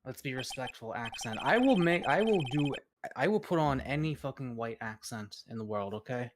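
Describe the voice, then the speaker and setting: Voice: mid-range voice, animated, moderate pace, a little hiss or hum. A streamer chatting casually during a game read, swearing freely and laughing at their own slip-ups. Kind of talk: casual chat while reading a game.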